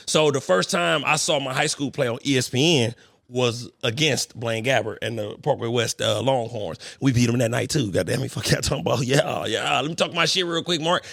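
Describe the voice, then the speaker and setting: A young male podcast host talks fast in a gravelly, slightly raised voice, bragging and joking with loud, animated energy. The sound is dry and close. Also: medium pitch, no echo. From St. Louis, Missouri. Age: young adult. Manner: boastful, animated, profane trash talk. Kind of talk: casual chat.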